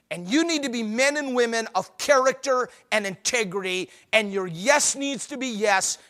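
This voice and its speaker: High, bright-voiced male seminar speaker. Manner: emphatic, preachy, joking. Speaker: marriage conference speaker. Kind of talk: humorous live seminar talk.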